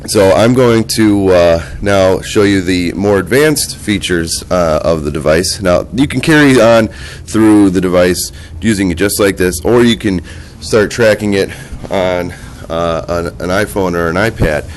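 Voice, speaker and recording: A man in his thirties with a low voice, nasal and stuffed up from a cold. He walks through a gadget in a casual, halting way, pausing as he taps through screens, with faint outdoor sound behind him. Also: slight background noise. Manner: halting, talks while operating a device. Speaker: product demonstrator. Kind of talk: casual product demonstration.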